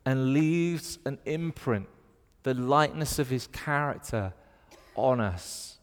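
A man from the north of England with his own Northern accent, delivering a sermon in an animated storytelling manner. His middling voice carries a long reverb from a large hall. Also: mid-range voice, takes it slowly, smooth. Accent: Northern English. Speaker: preacher.

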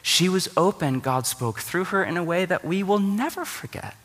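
A man's voice: sits high, animated, normal speed, fairly bright tone, long reverb tail. A man preaching a sermon to his church, conversational and joking in his asides. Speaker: pastor.

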